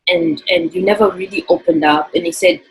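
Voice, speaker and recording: A woman's voice: on the low side, steady tone, fairly quick, a little hiss or hum, rough recording. A woman from Zambia, earnestly and reflectively telling a personal story in an interview. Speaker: interview guest.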